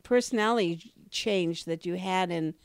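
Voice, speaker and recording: A woman co-hosting a podcast, telling stories in a lively, emphatic way with sudden rises in her voice. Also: moderate pace, clean tone, dry recording, clean studio sound. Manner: animated storyteller, emphatic rises in pitch. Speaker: podcast co-host. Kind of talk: casual podcast conversation.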